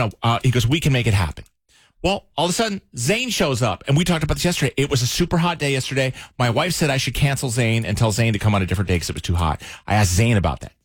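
A middle-aged man talks fast and spins a casual story, his pitch jumping all over the place. He slips into quick voices for the people he quotes. His voice is close and dry, with no room sound. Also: no echo. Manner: animated, acts out quoted voices. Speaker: radio show co-host.

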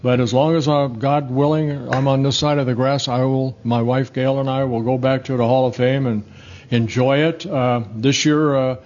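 A man in his sixties, a former pitcher and broadcaster, telling long rambling stories in a casual interview, full of restarts and chuckles. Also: steady tone, moderate pace, darkish tone. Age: 60s. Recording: slightly dull, muffled audio.

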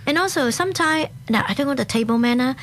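A woman's voice: high-pitched, animated, quick pace, a bit bright. A woman from Hong Kong with a Hong Kong accent, chatting enthusiastically as a guest in an interview and laughing often. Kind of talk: casual interview chat.

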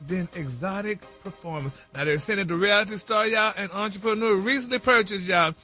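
A man's voice: sits high, fairly quick, sharp tone, soft background music. A man hosting a celebrity gossip segment on a morning radio show, sassy and chatty, peppering his talk with "honey" and "y'all". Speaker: celebrity news host.

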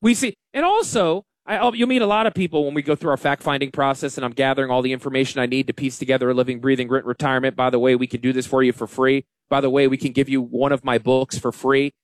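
A man hosting a casual radio talk show as a financial advisor, animated and self-deprecating. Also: mid-range voice, fast talker, few pauses, no echo.

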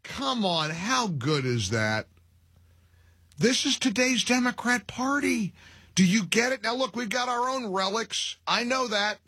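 A middle-aged man hosting a talk radio show, mocking and animated, laughing at his own jokes. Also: extremely high pitch, measured pace, husky, no echo, studio quality. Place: radio studio.

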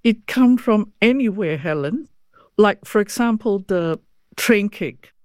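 A woman's voice: mid-range voice, lively intonation, slow, a little mellow, no echo. An older woman talks in a chatty, easygoing way, her a little broken. The recording is very dry and close, with no room sound. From Hong Kong. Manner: chatty, laughs easily, slightly broken English. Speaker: interviewee, former home economist. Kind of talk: reminiscing interview.

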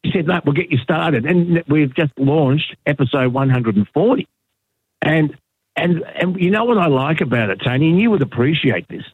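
A man's voice: fairly high pitch, animated, moderate pace, slightly rough, dry recording. A middle-aged Australian man, a radio guest, telling stories in casual chat with lots of fillers and restarts. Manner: chatty storyteller, many fillers and restarts. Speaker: guest, radio broadcaster and podcaster. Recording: dry tinny phone line.

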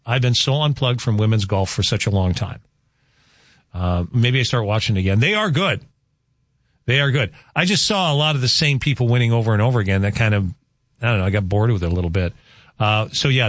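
A man's voice: mid-range voice, no echo, clean studio sound. A man hosting a morning radio show, talking in a rambling, chatty way and laughing easily. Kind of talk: casual radio chat. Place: radio studio.

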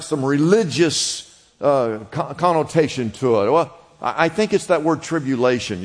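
A man's voice: fairly high pitch, big-room sound. A man preaching a sermon, explaining a word in a conversational teaching manner and prompting the congregation to repeat after him. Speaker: pastor.

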